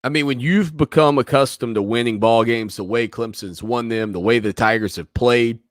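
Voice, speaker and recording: A man's voice: mid-range voice, normal speed, no echo. A man hosting a sports talk radio show, talking in a folksy, joking, rambling way, close on a studio mic.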